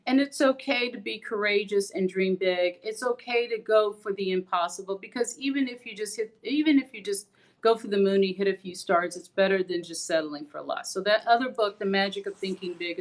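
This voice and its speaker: A woman's voice: mid-range voice, fairly quick. A woman hosting her own show, talking to viewers in an earnest, encouraging way and acting out the stories she tells. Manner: animated storyteller acting out characters' lines. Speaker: host. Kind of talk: motivational monologue to viewers.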